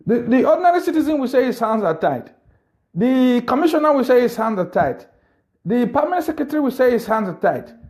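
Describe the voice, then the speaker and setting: High-voiced, indignant man. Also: darkish tone. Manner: indignant, rhetorical and repetitive. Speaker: political commentator. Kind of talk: impassioned monologue.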